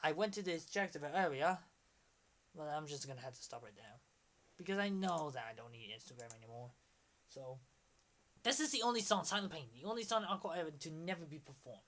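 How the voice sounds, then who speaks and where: A young man in his twenties on a casual livestream, talking excitedly and rambling, often trailing off. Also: a little high, brisk. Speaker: streamer.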